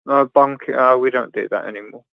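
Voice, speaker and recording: Bloke cracking crude jokes on a video call, laughs a lot, lots of ums, sounds thin and phone-like, dry, no room. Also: male voice, mid-range voice, fairly even intonation, dry recording. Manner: crude joking, laughs often, halting with fillers. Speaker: guest on a livestream chat. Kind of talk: casual banter.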